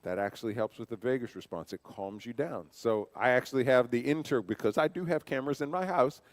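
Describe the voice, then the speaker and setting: A man's voice: mid-range voice, a little fast. A man giving a church safety training talk, conversational, asking rhetorical questions and telling personal stories. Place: church hall. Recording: long reverb of a large hall.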